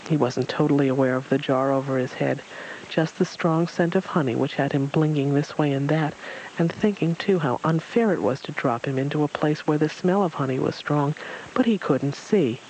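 A narrator reading a children's storybook aloud in a steady, gentle way, with small slips. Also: mid-range voice, moderate pace, slight background noise, poor audio.

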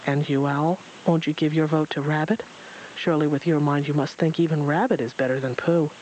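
A man voicing a kind, wrinkled old stranger in a storybook reading, speaking calmly and gently. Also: fairly high pitch, brisk, slight background noise, natural voice, low-quality recording. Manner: calm and gentle.

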